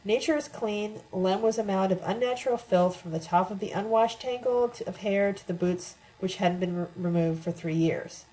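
A woman reading a first-person letter aloud in a steady, measured way, as an audiobook reader. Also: mid-range voice, low-quality recording.

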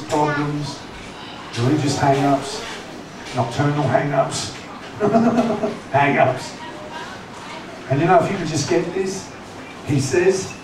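A pastor with a high, slightly mellow voice preaches a sermon in a conversational, teasing way, frequently putting questions to the congregation. The recording comes from an echoey church hall with a distant mic and lots of noise.

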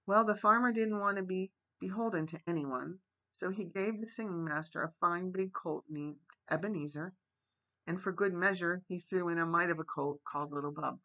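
A man reading the part of a shy young farmhand speaking plainly and haltingly in a storybook. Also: high-pitched, bright, forceful tone, highs cut off, voice pushed up. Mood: earnest. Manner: hesitant, rustic speech.

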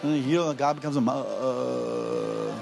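A middle-aged man preaching a sermon, telling a story with lively acted-out dialogue. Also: mid-range voice, unhurried, creaky, music in the background. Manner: animated storytelling, acts out quoted dialogue. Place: large auditorium.

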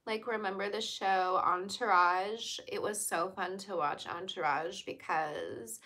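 A woman's voice: mid-range voice, measured pace, sharp tone. A young woman from Virginia, chatting casually on a livestream, laughing often and answering viewer comments. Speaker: livestream host.

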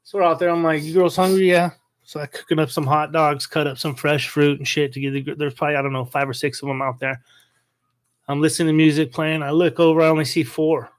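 A man with a somewhat high voice telling stories on a podcast. He talks with emphatic punches, swears freely and keeps calling his listener "dude". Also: little pitch movement, fast talker. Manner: profane, emphatic, says dude a lot. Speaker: podcast co-host. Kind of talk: casual storytelling chat.

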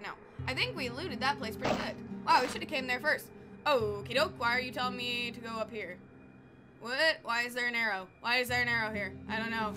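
A woman giving casual, excitable gameplay commentary, easily spooked and talking back to the game. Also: on the high side. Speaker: let's play gamer. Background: game music.

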